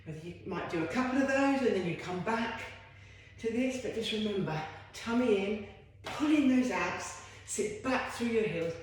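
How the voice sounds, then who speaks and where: A woman's voice: mid-range voice, lively intonation, moderate pace, slight background noise. Encouraging woman in an echoey room. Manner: encouraging, chatty, self-deprecating asides. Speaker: fitness instructor. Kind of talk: guided home workout instruction.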